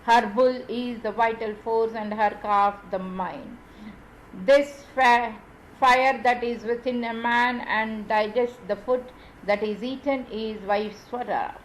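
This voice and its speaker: A woman reading scripture aloud in a measured, deliberate way, with small slips and restarts. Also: fairly high pitch, fairly even intonation, slight background noise, low-quality recording. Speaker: reader of scripture.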